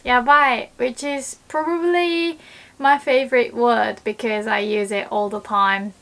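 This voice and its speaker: A woman's voice: a little high, fairly even intonation, measured pace, gravelly, fairly bright tone. A young woman with a Japanese accent, a native Japanese speaker, teaching a casual video lesson and acting out panicked little exclamations.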